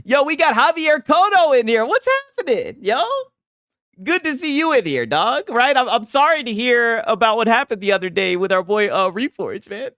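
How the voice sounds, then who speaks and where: A man's voice: very high-pitched, lively intonation, moderate pace, a bit bright, dry recording, clean studio sound. A man hosting a casual gaming livestream, reading chat aloud, talking loose and profane with frequent laughs and restarts.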